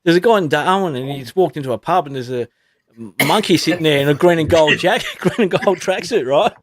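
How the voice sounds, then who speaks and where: A man's voice: on the high side, fairly quick, a crowd in the background. A middle-aged man co-hosting a podcast, telling a joke and laughing through it. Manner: laughs through his storytelling. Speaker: podcast co-host.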